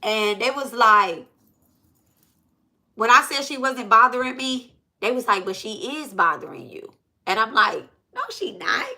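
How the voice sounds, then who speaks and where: A woman's voice: mid-range voice, pushed and bright. A woman, a spiritual reader, telling a long story in a casual, profane and emphatic way, repeating herself for emphasis.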